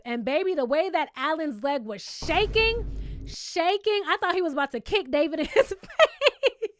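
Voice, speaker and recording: Woman, high voice, sassy reality TV recap, expressive commentary, dry close sound. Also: moderate pace, no echo. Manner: sassy, expressive, addresses viewers as "child" and "baby".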